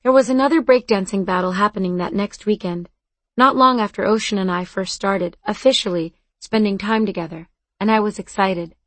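A woman's voice: medium pitch, fairly quick, fairly bright tone, no echo. Earnest woman narrating an audiobook. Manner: earnest, conversational storytelling. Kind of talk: first-person scripted narration.

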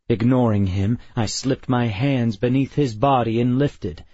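A man narrating a first-person audiobook in a measured, unhurried manner. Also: medium pitch, fairly even intonation, warm tone, dry recording. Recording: dry, slightly dull studio.

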